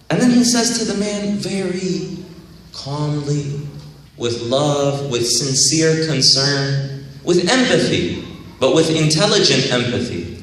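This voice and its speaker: A man's voice: a little high, normal speed. Man speaking in a very echoey hall. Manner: conversational storytelling, animated quoting. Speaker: religious speaker. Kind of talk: convention talk retelling a hadith. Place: large convention hall. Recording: very echoey hall, distant mic, faint noise.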